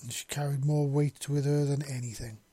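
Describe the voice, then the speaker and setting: A man's voice: a little high, little pitch movement, normal speed, dark tone, no room sound. A man reading a romance story aloud, with small slips and restarts. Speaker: narrator. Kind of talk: amateur fiction reading.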